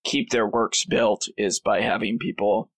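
A man's voice: fairly low pitch, fairly even intonation, unhurried, low-quality recording. A man who is a priest and teacher, explaining a recommendation in a hesitant way with many fillers. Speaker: priest and high school teacher. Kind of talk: casual panel chat.

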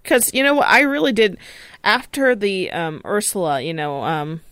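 A woman's voice: medium pitch, sing-song, normal speed, fairly bright tone, no room sound. A woman hosting a casual podcast, chatty, with many fillers and restarts. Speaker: podcast host.

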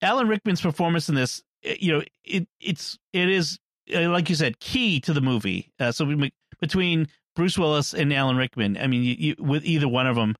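A man's voice: a little high, a little fast, few pauses, fairly bright tone, no room sound, clean studio sound. A man co-hosting a casual movie discussion podcast, chatty and laughing often, restarting his sentences as he goes. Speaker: podcast co-host.

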